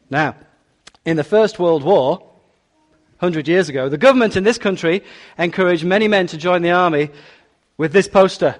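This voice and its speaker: A male preacher with a voice that sits high delivers a church sermon at a moderate pace. Emphatic and repetitive, he stresses key words and draws the congregation into dialogue.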